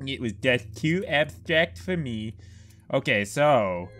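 A man's voice: medium pitch, lively intonation, slow, a bit bright, faint music behind. A young man giving jokey, swearing let's play commentary, ranting at the game. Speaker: gaming youtuber.

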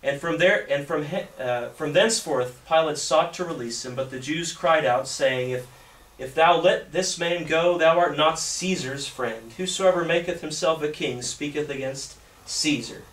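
A male pastor preaching a sermon and reading scripture aloud, often halting and repeating words. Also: fairly high pitch, fairly bright tone. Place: church sanctuary. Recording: echoey church from a distance.

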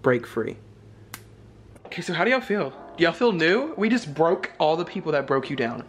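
A man's voice: a little high, very animated, quick pace, slight background noise. A man chatting casually to camera in a vlog, dramatic and slangy as he talks. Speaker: vlogger.

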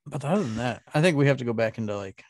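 A man's voice: mid-range voice, lively intonation, rapid-fire, dry recording, studio quality. A young man co-hosting a casual podcast chat, talking loosely, teasing and swearing freely. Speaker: podcast co-host.

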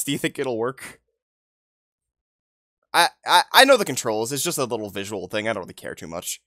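A man streaming a game live, excitable and swearing, talking to his chat. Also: mid-range voice, a little fast, no room sound, clean studio sound. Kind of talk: live gameplay commentary.

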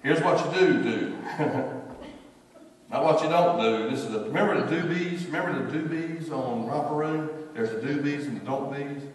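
A man's voice: a little high, moderate pace. A man preaching a sermon as pastor, telling folksy stories and acting out what people say. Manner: folksy storytelling, acts out quoted voices. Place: church sanctuary. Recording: distant echoey church hall recording.

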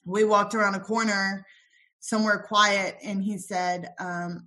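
Woman recounting her story, soft and halting. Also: mid-range voice, fairly even intonation. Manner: tells her story with quoted dialogue, soft and halting with many ums. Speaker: interview guest. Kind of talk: personal story in a podcast interview.

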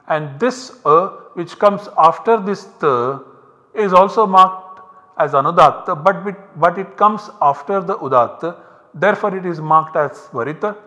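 A man with a slightly higher voice lectures to a class, patiently walking through each step and repeating key points. His voice carries a long reverb, as if recorded in a lecture hall. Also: pushed and bright. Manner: methodical, explains step by step with repetitions. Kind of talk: university lecture.

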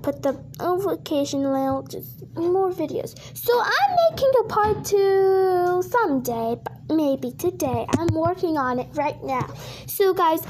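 A woman's voice: high voice, background noise. A young woman reacting to a video as a vlog host, exclaiming and half-crying as she sings along.

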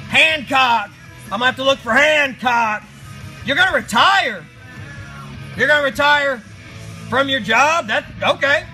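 Male streamer: shouty, crude, roaring rants, very high and piercing, faint music underneath. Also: rough recording. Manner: loud shouting, crude and jokey, often roaring. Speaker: live stream host reading chat. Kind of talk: ranting live stream chat. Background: faint music playing.

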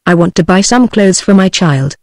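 A woman's voice: on the low side, expressive, moderate pace, a little mellow, no room sound, clean studio sound. A synthetic British-accented female voice reading the lines of a horrified, frantic new father. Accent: British English.

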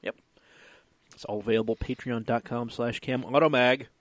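A man co-hosting a podcast chats casually and rambles, dropping the odd swear. His voice sits at an ordinary pitch. The recording is dry and close. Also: fairly even intonation, normal speed, no room sound. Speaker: podcast co-host. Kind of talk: casual chat.

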